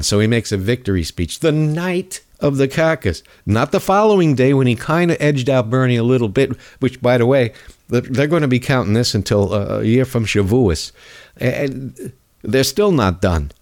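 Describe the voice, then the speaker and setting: A man's voice: mid-range voice, animated, normal speed, a little mellow. A man hosting a show, ranting sarcastically about politics, his voice stuffed up with a cold. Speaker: podcast host. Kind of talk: political commentary rant.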